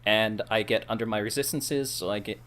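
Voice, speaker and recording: A man's voice: fairly low pitch, brisk, noisy background. A man playing a tabletop role-playing game, methodically describing his spell and reading out his rolls. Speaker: player. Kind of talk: casual tabletop play.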